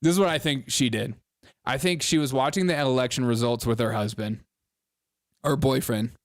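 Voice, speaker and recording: A man's voice: mid-range voice, normal speed. Laughing, mocking male commentator. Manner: mocking, laughs often while talking. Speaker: host. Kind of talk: casual reaction commentary.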